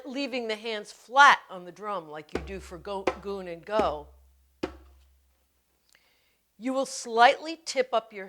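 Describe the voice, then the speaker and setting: Slow, patient woman drum teacher. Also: fairly high pitch. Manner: gentle, patient step-by-step explaining. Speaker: hand drumming teacher. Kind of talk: instructional video demonstration.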